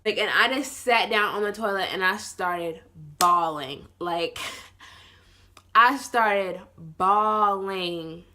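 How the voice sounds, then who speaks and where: A nineteen-year-old woman tells a casual storytime, rambling with lots of "like" and swearing, and acts out other people in lower, softer voices. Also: slow pace. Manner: rambling, heavy use of "like", swearing. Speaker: vlogger.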